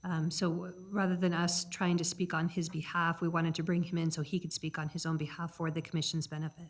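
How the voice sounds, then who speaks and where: A staff member steps in to guide the meeting. She speaks briskly and to the point. Her voice is lowish for a woman. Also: flat delivery. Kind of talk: meeting moderation.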